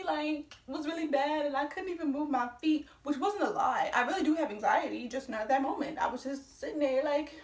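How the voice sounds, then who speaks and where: A woman in her twenties telling a story on her vlog. She talks in an excitable way, speeds up when worked up, and swears a lot. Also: sits high, fast talker. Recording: roomy echo, voice from a distance.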